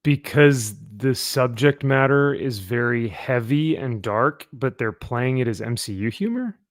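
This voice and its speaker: A man's voice: mid-range voice, animated, a little slow, no room sound, studio quality. A man hosting a casual comic book chat, rambling with many fillers and laughs. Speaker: podcast host. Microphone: headphones and desk mic.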